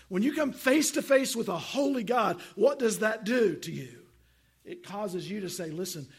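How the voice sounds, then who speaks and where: A middle-aged man preaching with a high voice that is gravelly and husky. He preaches emphatically and repeats phrases. He reads scripture aloud to his congregation. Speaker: pastor. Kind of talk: sermon.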